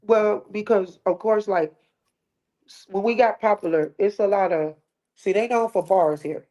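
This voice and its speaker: A woman from the Midwest, a cook and musician, talking as a guest in relaxed, slangy conversation. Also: mid-range voice, unhurried. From American Midwest. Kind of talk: casual interview talk.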